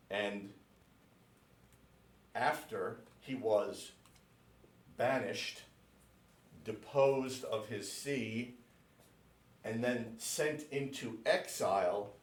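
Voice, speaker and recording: A man lecturing as a priest before a small class, unhurried and measured, pausing to spell out difficult names letter by letter. His voice sits at an ordinary middle pitch and rings out in an echoey room, picked up from some distance away.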